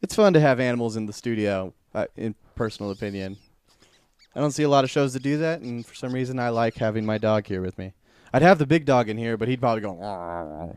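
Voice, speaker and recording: A young man hosts a laid-back podcast from a home studio, rambling easily from one thing to the next. His voice is smooth and clear. The sound is dry and close. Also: medium pitch, fast, darkish tone, no echo. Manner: easygoing, rambling, laughs often. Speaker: podcast host. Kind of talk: casual chat.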